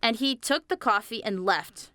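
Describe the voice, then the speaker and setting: A young woman narrating a scripted animated story, chatty and speaking straight to viewers. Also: a little high, normal speed, no echo. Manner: chatty, addresses viewers directly. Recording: faint music behind the voice.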